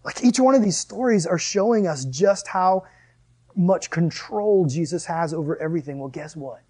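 A man with a high voice preaches a sermon as a pastor. He is animated and jokey, laughing between points. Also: moderate pace, husky.

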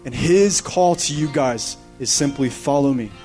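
A man in his thirties preaching a sermon in a casual, rambling, animated way. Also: on the high side, unhurried. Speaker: pastor. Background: soft guitar strumming.

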